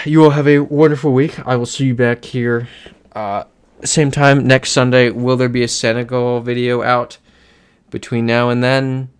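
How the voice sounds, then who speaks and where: A man's voice: mid-range voice, clean tone, no room sound. A young American man chatting casually on a live stream, reading out chat messages as he plays. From United States.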